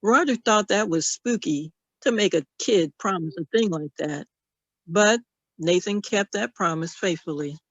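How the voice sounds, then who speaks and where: Brief: author reading their book, steady narration, muffled dry call audio. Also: medium pitch, a little slow, dry recording. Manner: calm, even storytelling. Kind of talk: reading a story aloud. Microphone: computer mic on video call.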